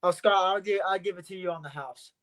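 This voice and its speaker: A man's voice: high-pitched, quick pace, crowd noise. A man, a professional wrestler guest on a podcast, trash-talking his rivals in a boastful way and repeating his points. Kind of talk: casual podcast interview.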